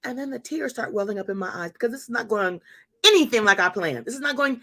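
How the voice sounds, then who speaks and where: Woman in her fifties, church speaker and host, high and very animated, speaks straight to the crowd. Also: quick pace. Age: 50s. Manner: lively, talks straight to the audience. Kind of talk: animated testimony to a congregation.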